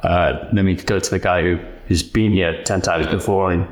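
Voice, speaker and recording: A man in his thirties, a podcast guest chatting casually, measured and thinking aloud with frequent restarts. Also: sits low, steady tone.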